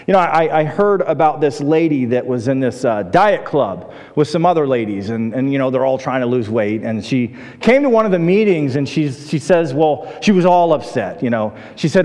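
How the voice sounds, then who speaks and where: A man preaching a sermon in a relaxed, conversational way, with a voice pitched a little high for a man. He tells stories with frequent restarts, and his voice rings with a long reverb as if in a large church hall. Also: moderate pace. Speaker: pastor.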